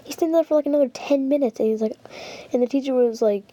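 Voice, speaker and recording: A woman's voice: high voice, fast, warm tone, no echo, highs cut off. A young woman hosting her channel, telling a casual story with lots of fillers and restarts. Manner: rambling, heavy use of "like" and fillers. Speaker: channel host. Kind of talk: casual story time vlog.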